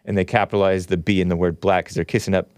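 A man's voice: low voice, little pitch movement, fast talker, darkish tone, clear, resonant tone, no echo, clean studio sound. Sarcastic male talk show host. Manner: sarcastic, mocking, reads headlines and scoffs. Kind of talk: call-in political talk show commentary. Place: studio.

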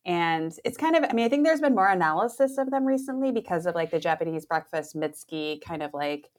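A woman's voice: fairly low pitch, expressive, a little fast. A woman co-hosting a podcast, talking casually and thoughtfully, hedging her points with fillers and light laughs. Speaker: podcast co-host. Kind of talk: casual chat.

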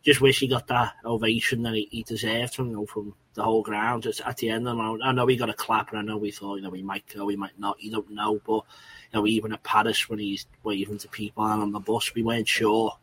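A man's voice: on the low side, a bit bright, slightly rough, rough recording. A man co-hosting a podcast, talking about football in a heartfelt, rambling way. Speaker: podcast co-host. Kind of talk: casual football chat.

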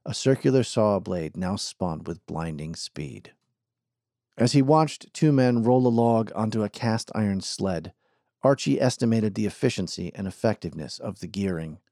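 Low, dark-voiced male audiobook narrator. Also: no echo, studio quality. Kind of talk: scripted narration.

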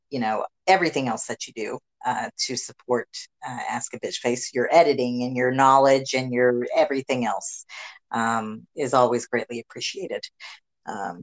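On a poorly recorded podcast, a woman with a bass voice serves as host. Her casual political talk is blunt and full of heavy swearing, with animated rants throughout.

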